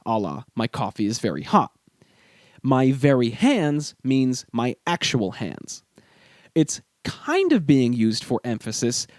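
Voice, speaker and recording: A man narrates a scripted language lesson in a measured, explanatory way. His pitch moves a lot, rising sharply on the words he stresses. The recording is close and dry, with no room sound. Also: no echo. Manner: measured, explanatory, lively emphasis on key words. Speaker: podcast host.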